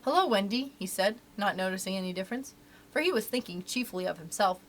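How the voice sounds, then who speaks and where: Expressive woman reading a storybook aloud. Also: medium pitch, fast talker. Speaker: library storytime reader. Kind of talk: reading a children's book aloud.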